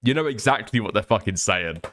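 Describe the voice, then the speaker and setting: A man's voice: lowish voice, lively intonation, a little fast, a bit bright, slight background noise. An Irish man streaming live while ill with the flu, reading chat and ranting with lots of swearing and laughter. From Ireland. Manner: profane, ranting, laughing often.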